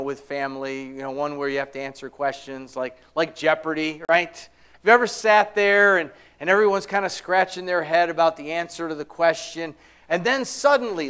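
A man preaching a conversational sermon, asking the congregation rhetorical questions and slowing down to stress key words. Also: high-pitched, fairly bright tone, clear, resonant tone. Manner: slows and drops his voice for emphasis.

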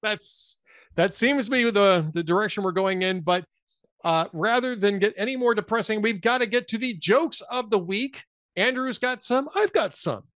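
A man's voice: high-pitched, normal speed, fairly bright tone, no echo, studio quality. A man hosting a podcast, chatting casually about politics with a guest and telling wry jokes. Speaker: podcast host.

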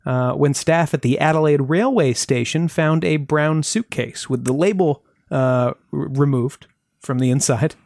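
A man's voice: a little high, unhurried, darkish tone, dry recording. A man co-hosting a podcast, telling a mystery case with dry jokes in casual chat. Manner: dry, joking storyteller. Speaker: podcast co-host.

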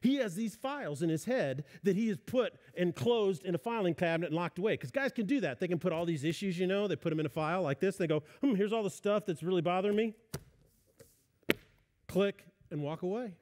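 A man's voice: high-pitched, lively intonation, fast, few pauses, a little mellow. A middle-aged male pastor giving a conversational sermon, acting out what husbands and wives say. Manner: conversational preaching, acts out spouses' voices.

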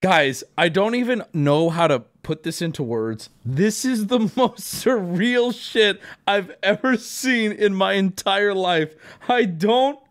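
Profane streamer man, lively pitch. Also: slow, few pauses. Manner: loud, profane, laughs often, talks to chat. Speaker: streamer host. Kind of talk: live stream reacting to clips.

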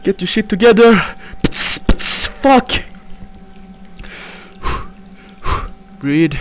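Panicky high-voiced young man screaming. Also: slow pace. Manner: panicky, swears and screams often. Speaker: gaming YouTuber. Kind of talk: horror game playthrough commentary.

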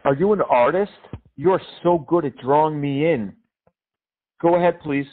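A man's voice: fairly high pitch, normal speed. A man making a prank phone call, reciting cheesy flirting pick-up lines. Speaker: prank caller. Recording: tinny phone line.

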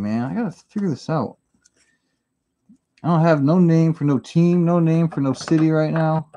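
A man's voice: on the high side, normal speed, long pauses, dark tone. A man hosting a live stream, chatting casually and rambling through answers to chat messages while he builds at home. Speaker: livestream host. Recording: noisy home stream audio.

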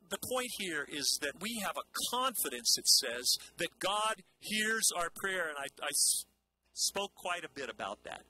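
A male pastor with a bright, slightly high voice delivers a conversational sermon full of repeated phrases. The recording is rough, with faint noise.

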